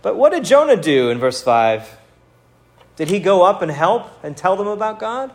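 Guy preaching a sermon, kinda high voice, earnest, asks the crowd questions. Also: sing-song, normal speed. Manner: earnest preaching with rhetorical questions and acted quotes. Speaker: pastor.

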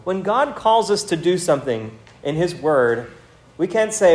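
Guy preaching a sermon, kinda high voice, earnest, asks the crowd questions. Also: big pitch swings, unhurried. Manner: earnest preaching with rhetorical questions and acted quotes. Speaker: pastor.

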